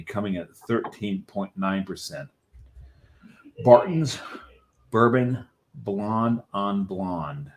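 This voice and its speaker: A man's voice: on the low side, slight background noise. A man co-hosting a craft beer show, chatting casually and enthusiastically about beers, with emphatic repeats. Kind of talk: casual chat reviewing beers.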